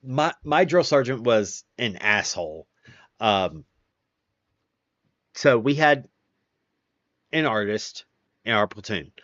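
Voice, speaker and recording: Man, stream host, casual storytelling, profane, slow delivery, dull lo-fi sound. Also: mid-range voice, animated, fairly bright tone, dry recording. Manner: profane, wry storyteller acting out quotes.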